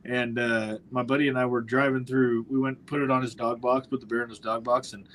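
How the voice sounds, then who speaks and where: On a poor recording with a little hiss or hum, a man from northwestern Ontario, Canada, speaks a bit fast at medium pitch. He hosts a casual podcast, spinning hunting tales with lively delivery and performing the voices of those he quotes.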